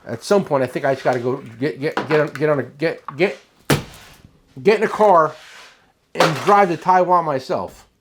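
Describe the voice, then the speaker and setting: Against a noisy background, a man with a New Jersey accent speaks at normal speed in a slightly high voice. He owns a tool shop and hosts a casual tool show, chatting about products and rambling and joking with his cohost.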